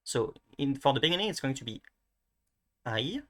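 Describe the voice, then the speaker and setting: A man's voice: medium pitch, very animated, normal speed. A man with a French accent, a French native speaker, giving a casual pronunciation lesson in a hesitant way, with many restarts and fillers. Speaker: language tutor. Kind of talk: casual screen-recorded lesson.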